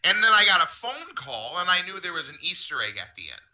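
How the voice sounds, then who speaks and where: A man co-hosting a podcast, telling a story with excitement and acting out quoted speech. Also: sits high, quick pace. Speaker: podcast co-host. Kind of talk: animated storytelling.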